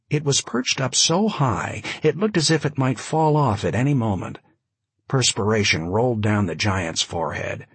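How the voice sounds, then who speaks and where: A man narrating an audiobook in a vivid, expressive storytelling manner. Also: on the low side, breathy edge, no room sound. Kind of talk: scripted narration.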